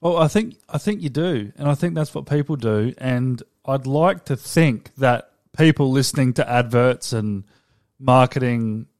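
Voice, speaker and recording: An Australian man trading casual banter on a podcast, blunt and quick to swear. His voice sits at an ordinary middle pitch, and the recording is dry and close, with no room sound. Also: darkish tone, no room sound. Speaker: podcast co-host. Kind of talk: casual chat.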